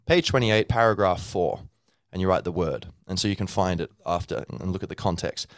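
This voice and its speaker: Deep voiced guy just chatting, lots of ums and restarts, dry close sound. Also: steady tone, fast, dry recording. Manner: rambling, with many fillers and restarts; acts out a learner's inner thoughts. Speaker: podcast host. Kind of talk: casual teaching monologue.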